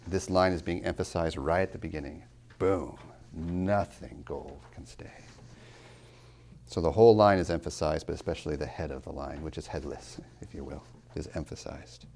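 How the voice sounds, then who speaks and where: A man teaching a class as a college tutor, emphatic, asking rhetorical questions and slowing down to stress key words. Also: very deep voice, fairly even intonation, darkish tone. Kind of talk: classroom lecture on poetry.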